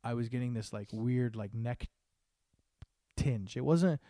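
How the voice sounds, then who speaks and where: A man's voice: mid-range voice, unhurried, warm tone, dry recording, studio quality. A man co-hosting a casual podcast, rambling and cutting himself off mid-sentence. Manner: rambling, self-interrupting, laughs easily. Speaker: podcast co-host.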